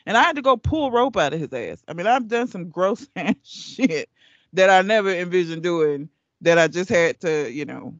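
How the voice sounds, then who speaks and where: Animated, blunt woman podcast co-host. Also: on the low side, normal speed, no echo, muffled recording. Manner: blunt, profane, animated storyteller. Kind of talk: casual podcast chat.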